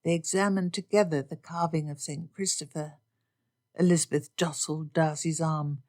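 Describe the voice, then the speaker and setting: A woman reads a romance novel aloud with steady, expressive narration. Her voice sits on the lower side for a woman. The delivery is even and attentive to the story. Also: moderate pace. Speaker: audiobook narrator. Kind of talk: scripted narration.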